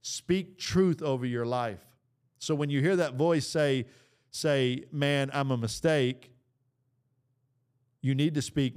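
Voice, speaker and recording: A middle-aged man delivers an earnest, exhorting message in the manner of a preacher, loosening it with casual fillers. His voice is smooth and resonant, sitting at an ordinary pitch. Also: slow, long pauses, darkish tone. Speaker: podcast host. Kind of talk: preaching-style talk.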